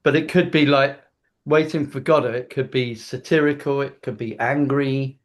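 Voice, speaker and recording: A man's voice: medium pitch, fairly even intonation, moderate pace. A man leading a drama teachers' webinar over a video call, thinking aloud and playfully acting out line readings. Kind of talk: casual group discussion.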